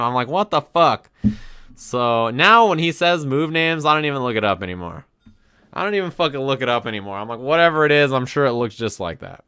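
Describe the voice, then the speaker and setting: A man's voice: medium pitch, pushed and bright, clear, resonant tone, dry recording, clean studio sound. A man streaming, telling a story casually to chat, swearing often and acting out his own reactions.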